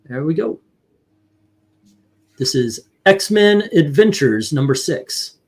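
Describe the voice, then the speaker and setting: A man's voice: fairly high pitch, animated, takes it slowly, darkish tone, slightly rough. A man hosting a casual livestream panel, upbeat and tallying votes aloud. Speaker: host.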